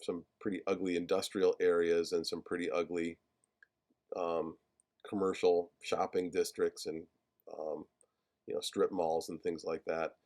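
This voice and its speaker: A man teaching a class on a film screenplay, talking haltingly with many fillers and restarts as he searches for page numbers. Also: deep voice, little pitch movement, a little mellow. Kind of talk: lecture discussing a film screenplay.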